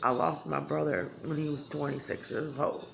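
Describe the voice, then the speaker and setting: A woman's voice: deep voice, steady tone, moderate pace, vocal fry, slight background noise. A woman talking candidly to her viewers in a blunt, emotional way, swearing freely. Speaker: vlogger. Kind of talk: candid talk to camera.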